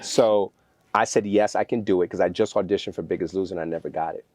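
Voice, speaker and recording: A man telling lively stories as a guest in a podcast interview, acting out what others said. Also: deep voice, fast talker. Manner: energetic, animated storyteller acting out quotes. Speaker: guest, fitness trainer.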